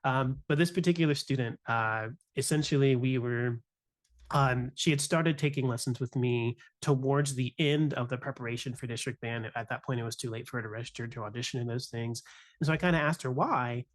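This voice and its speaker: A man's voice: mid-range voice, brisk. A young adult man, a music teacher, talking earnestly and reflectively on a podcast, often adding "you know" and "right?". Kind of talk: candid podcast conversation.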